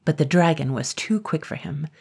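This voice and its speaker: A woman narrating a classic children's story in a measured way, dropping to a whisper in tense moments. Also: sits low, expressive, gravelly, darkish tone, husky.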